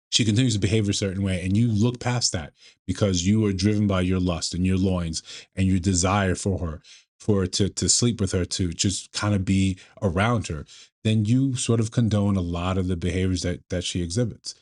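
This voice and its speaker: Male commentator, low register, lecturing, restarts mid-sentence. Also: darkish tone. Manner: measured, lecturing, with frequent restarts. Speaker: commentator reacting to a clip. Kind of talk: casual commentary.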